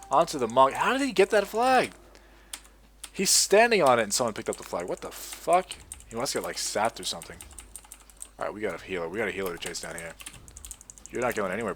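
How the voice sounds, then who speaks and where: A man's voice: on the low side, slight background noise. A young man telling a rambling story full of swearing, then commentating his own game in a casual way. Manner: swears a lot, rambling and animated. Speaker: gaming video creator.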